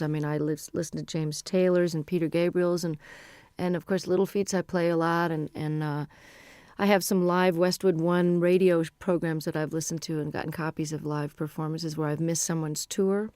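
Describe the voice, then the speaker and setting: A woman's voice: on the low side, darkish tone, no room sound, clean studio sound. A middle-aged woman musician being interviewed, talking in a chatty, rambling, frank way. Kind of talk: casual interview chat.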